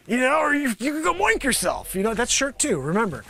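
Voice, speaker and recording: High, lively man riffing comedy. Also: quick pace, creaky. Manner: animated, rambling, shouts now and then. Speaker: comedian host. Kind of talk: improvised comedy monologue. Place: home studio with green screen.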